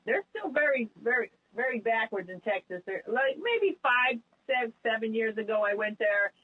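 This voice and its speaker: A woman's voice: on the high side, expressive, normal speed. A woman comedian phones in to a talk show and chats easily, telling a story as she goes. Her voice comes through a thin, tinny phone line. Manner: chatty, laughing, storytelling. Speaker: comedian calling in. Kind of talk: casual phone-in chat.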